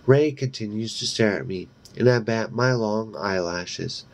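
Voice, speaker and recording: A man reads a horror novel aloud, taking his time over every line and dropping in brief asides of his own. His voice is low and gravelly, with a fry at the ends of phrases. He reads at a slow, deliberate pace. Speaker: reader.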